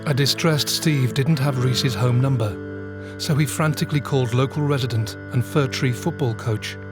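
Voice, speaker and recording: A man narrates a true-crime documentary in a measured, grave voice at a middle pitch. Music plays clearly underneath him.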